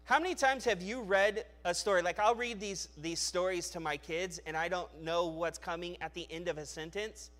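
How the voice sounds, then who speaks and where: With hardly any pauses and a moderate pace, a male pastor preaches, moving back and forth between loud emphasis and quiet, low comments. His delivery is full of restarts and repeated words.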